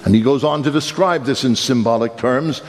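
A man's voice: mid-range voice, normal speed. A man preaching a sermon with emphatic rhetorical questions and a faint New York accent. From Brooklyn, New York. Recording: long hall reverb.

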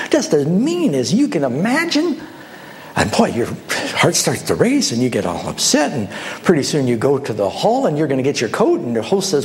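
A male pastor delivers a sermon with a lively, swinging pitch. He tells stories with animated energy, voicing the characters. A faint hum sits behind him. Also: moderate pace, gravelly. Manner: animated storytelling, acting out voices.

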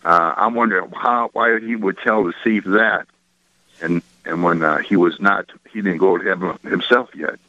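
Hesitant male caller, deep voice. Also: fairly even intonation, moderate pace, pushed and bright, no room sound. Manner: hesitant, many fillers. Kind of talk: phone-in question. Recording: dull phone-line caller audio.

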